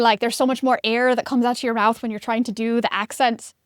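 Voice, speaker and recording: A woman co-hosting a casual book podcast, talking things through in a chatty, reflective way. Her voice is smooth and clear and sits a little high. The sound is dry and close, with no room around it. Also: level tone, fairly quick, few pauses, no room sound. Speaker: podcast co-host.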